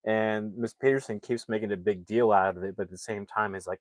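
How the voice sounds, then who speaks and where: A man casually recapping a movie plot, rambling and acting out the characters' lines in quick impressions. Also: lowish voice, fairly even intonation, no room sound. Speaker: movie reviewer.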